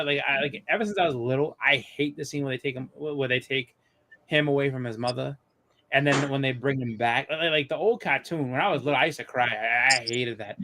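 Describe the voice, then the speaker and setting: A man's voice: medium pitch, bright, forceful tone, a little hiss or hum. Rambling man chatting on a live show. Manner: rambling, many restarts and fillers. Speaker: host of a live comics show. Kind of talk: casual chat.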